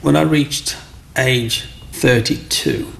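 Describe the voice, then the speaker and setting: Gravelly middle-aged man. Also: medium pitch, takes it slowly, a little hiss or hum. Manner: chatty, animated, acts out voices in anecdotes. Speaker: interviewee. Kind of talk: personal storytelling.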